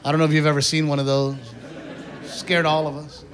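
A man's voice: on the high side, little pitch movement, fairly quick. A man doing a stand-up comedy set on a live stage, telling a story and acting out family members' voices. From Mexican-American heritage. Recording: live club recording, loud crowd. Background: audience laughter.

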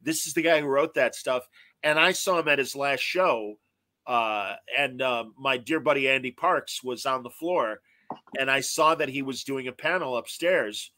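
A man's voice: medium pitch, normal speed, dry recording. A man in his fifties, a guest telling stories in casual chat and acting out quotes. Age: 50s. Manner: animated storyteller acting out quotes.

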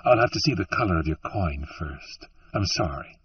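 A man's voice: sits low, animated, moderate pace, slightly rough, recorded from a distance, heavily acted. A man voicing a frightened, defensive woman who tends bar. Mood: wary. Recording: muffled, dry, from off-mic.

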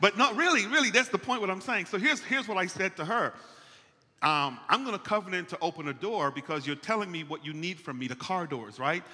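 Man, pastor, conversational sermon, slightly high voice, church hall echo. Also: a little fast. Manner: animated, playful, calls out to the congregation. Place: church sanctuary. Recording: long church hall reverb.

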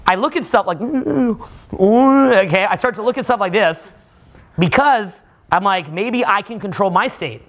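A man leading a live workshop for a small group, talking in a profane, animated way with mock rants. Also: high-pitched, unhurried. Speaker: seminar speaker.

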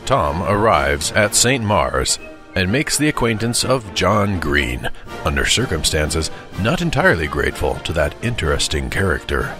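Brief: dad narrator, low voice with lively rise and fall, dry close mic, audiobook. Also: male voice, music in the background. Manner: expressive, measured storytelling. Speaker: father reading aloud.

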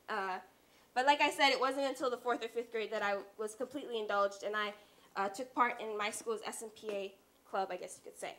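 A woman's voice: on the high side, pushed and bright. A teenage girl giving an earnest, confiding talk on stage, with wry asides. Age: teens. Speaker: student speaker. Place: stage at a youth talk event.

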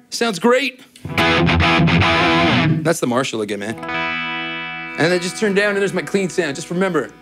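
A man's voice: on the high side, a bit bright. A man giving a casual guitar demo, telling rambling, joking stories between playing. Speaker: guitar demonstrator. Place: guitar shop.

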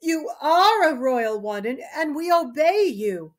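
A woman reading aloud as a formal, earnest gentleman of the court. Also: high voice, sing-song, slow pace, voice pushed up, exaggerated voice. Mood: urgent.

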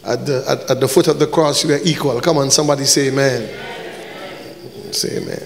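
A man's voice: mid-range voice, moderate pace, gravelly, long reverb tail. A man preaching as a pastor, joking and bantering with the congregation while handing out gifts, sometimes breaking into short sung lines. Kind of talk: church service, handing out gifts. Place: church hall.

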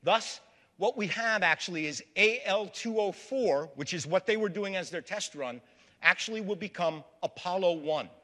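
A man with a high, expressive, fairly bright voice gives a public history lecture to a live audience at a normal speed. He tells stories and calls his listeners folks, and the recording carries the long reverb of a large hall.

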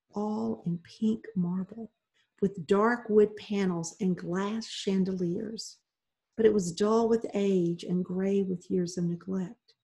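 Woman, mid pitch, reading a kids' chapter book aloud, steady and measured. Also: gravelly. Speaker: reader. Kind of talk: reading a children's novel aloud.

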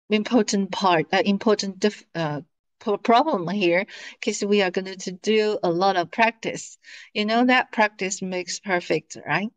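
Slow, patient woman teaching Mandarin. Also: mid-range voice. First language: Mandarin Chinese. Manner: slow, patient, drills pronunciation with many fillers. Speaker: Chinese language teacher. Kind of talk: online language lesson. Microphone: screen-shared video call.

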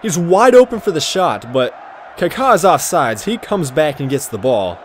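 Excitable man shouting over a football game. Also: on the high side, normal speed, some chatter behind, slight background noise. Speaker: gaming commentator. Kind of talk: casual gameplay commentary.

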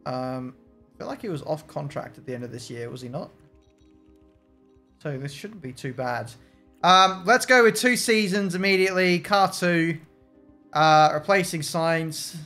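Streaming a racing management game, this man talks to his chat, cracks jokes, and swears freely. His slightly high voice is animated and sharp, his pace measured, with faint music playing behind him.

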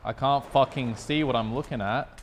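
Laid-back, swearing Australian gaming streamer. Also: male voice, mid-range voice, fairly even intonation, normal speed, a little hiss or hum. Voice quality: profane, laid-back banter. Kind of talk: casual gameplay commentary.

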